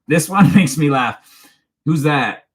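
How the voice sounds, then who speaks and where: A man's voice: a little high, animated, takes it slowly. A man, hosting a casual live-stream chat in a rambling, chatty way and laughing often as he reads viewer questions aloud. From Canada. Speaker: true crime channel host.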